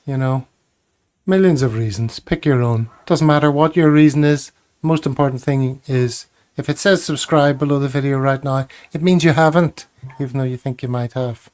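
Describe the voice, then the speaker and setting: A man's voice: mid-range voice, normal speed, a little mellow. A man hosting a casual chat, joking and laughing at his own jokes. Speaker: podcast host.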